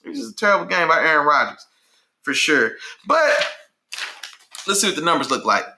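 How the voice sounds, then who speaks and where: A man hosting a casual sports talk show, speaking in a slangy, animated way and repeating himself when worked up. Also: a little high, brisk, gravelly, roomy sound, background noise. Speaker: sports podcast host.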